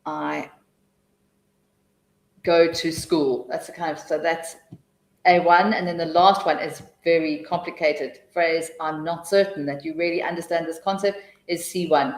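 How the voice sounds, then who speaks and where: A woman's voice: low-pitched, roomy sound, poor audio. Woman teaching a chatty online webinar. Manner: chatty, restarts often, mutters asides to herself while switching slides. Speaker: webinar presenter, TEFL trainer.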